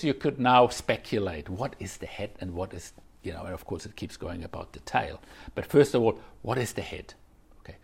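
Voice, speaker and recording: A man giving a reflective dharma talk as a Zen teacher, circling back over phrases and filling pauses with "you know". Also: lowish voice, creaky, a little mellow, slightly rough.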